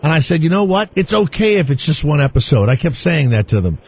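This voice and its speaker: A man hosting a comedic radio talk show, teasing callers and guests in an animated way. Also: a little high, quick pace, breathy edge. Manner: animated, teasing, breaks into shouts and laughs.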